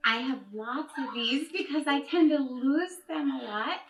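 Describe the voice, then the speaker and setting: Playful high-voiced woman at the table. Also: a little slow, roomy sound. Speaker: player. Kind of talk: tabletop role-play, playing a traveling character.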